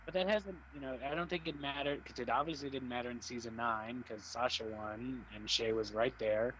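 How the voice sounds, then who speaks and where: A chatty young man rambling through his opinions on a casual game stream, with a voice of ordinary pitch. His mic sounds a little dull and lo-fi, and faint noise sits under it. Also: fairly even intonation, brisk, a bit bright. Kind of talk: casual chat.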